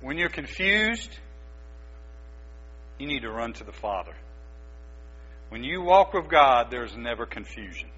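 A man's voice: medium pitch, very animated, measured pace, long pauses, pushed and bright, husky. A man preaching a sermon as pastor, exhorting his listeners with emphatic, urgent delivery. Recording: dull lo-fi recording with mains hum.

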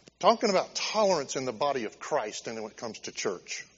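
A man's voice: mid-range voice, very animated, a little fast, a bit bright, breathy edge. A male pastor preaching a sermon in a church sanctuary, impassioned and conversational, often restarting his sentences. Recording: dull lo-fi recording with long hall reverb.

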